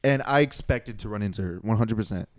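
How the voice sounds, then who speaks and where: A young man in his twenties, co-hosting a comedy podcast, tells a rambling story and keeps correcting himself, growing animated when he quotes his friends. His voice is on the low side and a little fast, with clean studio sound and no room sound.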